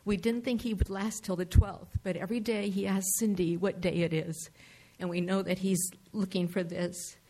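A man's voice: sits high, fairly even intonation, mellow. Tearful older man giving public testimony. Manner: emotional, halting, tearful. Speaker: public commenter.

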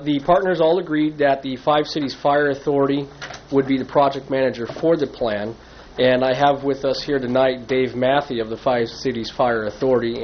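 Hoarse man giving a council staff report. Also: medium pitch, dull audio, a little hiss or hum. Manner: halting, many filler pauses.

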